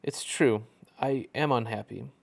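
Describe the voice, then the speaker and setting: Guy reading as a sad young woman venting, short plain lines, middle pitch. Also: sing-song, normal speed, a little mellow. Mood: glum. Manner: plain, short complaining statements. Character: unhappy young woman confiding in a therapist.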